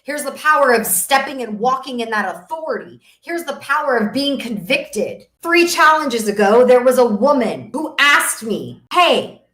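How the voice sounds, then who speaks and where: A woman's voice: high voice, sing-song, normal speed, hardly any pauses. Fervent woman coaching in an echoey room. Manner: fervent, preachy, swings between loud declarations and soft asides. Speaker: business coach. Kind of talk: live-streamed motivational talk.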